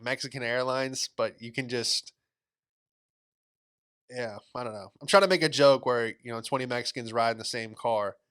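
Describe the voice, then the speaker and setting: A man's voice: medium pitch, bright, forceful tone, clean tone. A young man hosting a podcast, telling a story in a rambling, laid-back way with plenty of fillers and slang. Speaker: podcast host. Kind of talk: casual comedic storytelling.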